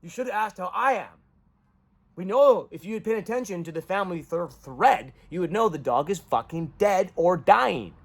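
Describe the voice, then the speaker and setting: A man's voice: sits high, expressive, normal speed, gravelly. A man venting raw emotion in a rambling personal vlog monologue. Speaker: vlogger.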